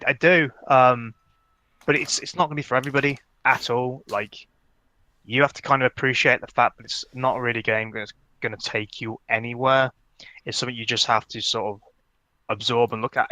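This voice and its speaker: A man's voice: mid-range voice, fairly even intonation, normal speed, bright, forceful tone, dry recording. A man co-hosting a podcast, chatting casually about a game with lots of fillers and restarts while chewing gum. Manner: rambling, many fillers and restarts. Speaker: podcast co-host. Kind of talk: casual gaming chat.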